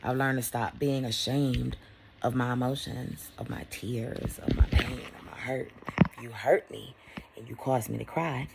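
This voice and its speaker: A woman vlogger talking in a casual motivational monologue, blunt and profane, swinging between loud emphasis and hushed whispers. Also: a bass voice, steady tone, unhurried, creaky, noisy background.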